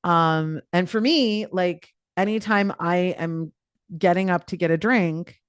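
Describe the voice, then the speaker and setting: A woman's voice: fairly low pitch, slow pace, clean tone, no echo. A woman life coach giving a live online coaching talk in a chatty, playful way, with lots of filler words.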